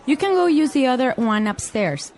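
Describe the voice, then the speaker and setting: An actress playing a helpful, easygoing office colleague giving practical advice. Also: female voice, sits high, animated, moderate pace, darkish tone, a little hiss or hum.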